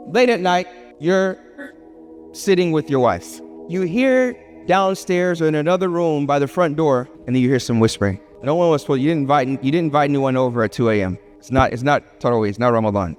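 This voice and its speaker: A man delivers a lively lecture, pitched fairly high and throwing questions to the audience. He acts out small everyday scenes as he goes. His voice rings in a reverberant hall over faint music. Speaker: Islamic speaker.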